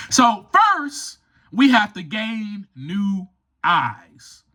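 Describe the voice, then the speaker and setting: A man's voice: high voice, pushed and bright. A man hosting a motivational podcast, speaking emphatically and enthusiastically and addressing listeners as friends. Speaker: podcast host and author.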